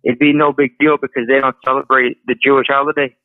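A man's voice: mid-range voice, flat delivery, fast, no room sound. A man from Chicago calling in to argue, stubborn and mocking, repeating himself as he pushes his point. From Chicago, USA. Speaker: caller. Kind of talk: heated call-in argument. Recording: tinny dry phone line.

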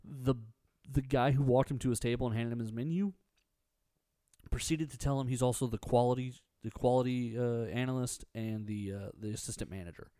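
A man in casual chat, retelling scenes with lively acted-out quotes and frequent laughter. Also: mid-range voice, brisk, no echo, studio quality. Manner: animated storytelling, acts out quotes, laughs often.

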